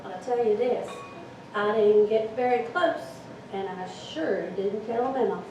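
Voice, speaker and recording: A woman telling a story live on stage, with an animated, dramatic delivery. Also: medium pitch, unhurried, lo-fi sound. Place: event hall with audience. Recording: echoey hall, distant mic, noisy.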